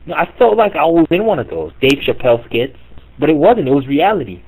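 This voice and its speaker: A man's voice: fairly high pitch, very animated, fast, a little mellow, slight background noise, rough recording. A man hosting a live voice chat, delivering a profane, mocking comedic rant with exasperated disbelief. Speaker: chat room host.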